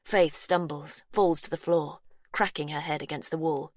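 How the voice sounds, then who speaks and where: A woman reading a suspense story aloud in slow, hushed, suspenseful narration. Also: low voice, steady tone, no room sound, clean studio sound. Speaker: audiobook narrator. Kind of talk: scripted narration.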